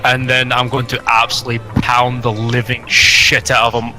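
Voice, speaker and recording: A man's voice: mid-range voice, completely flat delivery, normal speed, pushed and bright, faint music behind, low-quality recording. A man playing a tabletop game, casual, crude and laid-back, swearing freely. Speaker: player.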